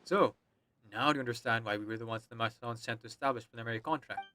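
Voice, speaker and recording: A man voicing a calm, dryly patient older male official with a put-on French accent, reading game dialogue aloud. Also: mid-range voice, fast, no echo, close to an everyday voice. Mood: amused.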